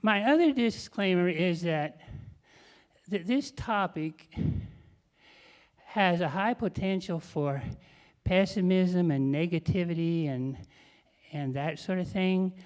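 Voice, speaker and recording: A man's voice: high-pitched, slow, clear, resonant tone. Folksy older man giving a talk. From western Colorado. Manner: self-deprecating, rambling with restarts. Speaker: conference speaker. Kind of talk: folksy public talk with a joke. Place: conference hall.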